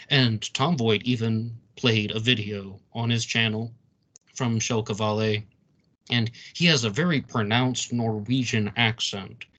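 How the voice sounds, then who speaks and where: A man's voice: mid-range voice, a bit bright. A man hosting a podcast, putting questions to a guest with the odd filler. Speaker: podcast host. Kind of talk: interview questions.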